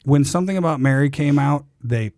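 A man in his forties, a guest actor on a podcast, telling stories in an animated way, swearing freely and acting out the people he quotes. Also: on the high side, fairly quick, no room sound, clean studio sound. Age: 40s. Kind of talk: casual podcast storytelling.

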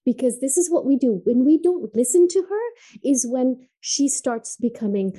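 A woman from Tanzania, a podcast guest, telling her personal story in an earnest, emphatic way that drops soft and low on painful points. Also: expressive, moderate pace, breathy edge, low-quality recording.

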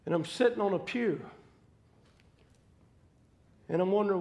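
Very high-voiced fervent male preacher. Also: vocal fry. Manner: fervent, building to shouted preaching; halting, repeating words while recounting. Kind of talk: sermon with personal testimony.

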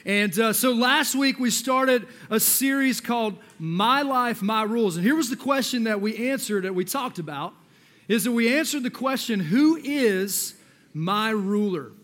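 A man giving an energetic, joking youth sermon as a youth pastor, talking directly to the crowd. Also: very high-pitched, measured pace.

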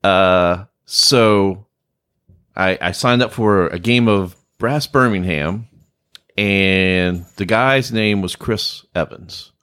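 Lowish man, easygoing podcast guest, storytelling. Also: slow pace, fairly bright tone, clear, resonant tone. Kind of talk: casual chat.

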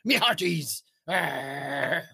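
A man's voice: on the high side, expressive, very slow, vocal fry, sharp tone, slightly rough, no room sound, studio quality, heavily acted. A man putting on a hammy pirate captain voice, growling "arr" as he reads out a list. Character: gruff male pirate captain reading a store list. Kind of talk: goofy pirate voice bit.

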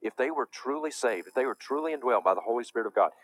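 A man's voice: mid-range voice, expressive, fast talker. A man preaching a lecture, emphatic and indignant as he warns his audience.

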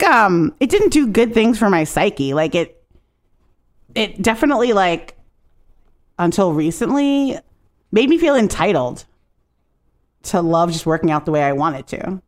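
Speaking at a middle pitch, this podcast co-host is a woman walking through a film's plot in easygoing chat. Her retelling is energetic, peppered with rapid character voices, frequent laughs and casual profanity.

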